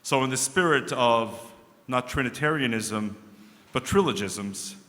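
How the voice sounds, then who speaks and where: A man speaking as a guest at a religious service. He opens his speech with a joke and tells it in a dry, measured way. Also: medium pitch, animated, fairly bright tone. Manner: dry storyteller, measured delivery. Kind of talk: formal speech opening with a joke. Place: synagogue sanctuary. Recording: echoey large hall with long reverb.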